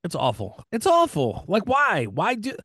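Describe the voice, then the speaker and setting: A man's voice: sits high, huge pitch swings, a little slow, fairly bright tone, breathy edge, no echo, studio quality. A man co-hosting a podcast in casual chat, swearing freely and slipping into mock voices. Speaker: podcast co-host.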